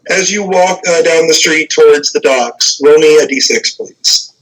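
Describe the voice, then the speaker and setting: A man's voice: fairly high pitch, slow, a bit bright, low-quality recording. A young man narrating a tabletop game as game master, casual and hesitant, full of fillers.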